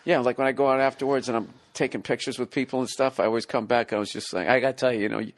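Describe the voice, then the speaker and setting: A man in his forties with a Boston accent, hosting a casual comedic podcast chat, profane and quick to laugh. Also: mid-range voice, no room sound. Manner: animated, profane storytelling with bursts of laughter. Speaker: podcast host.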